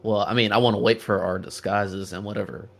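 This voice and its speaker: Gravelly low-voiced male gamer. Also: fairly even intonation, brisk. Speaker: player. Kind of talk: casual tabletop game play.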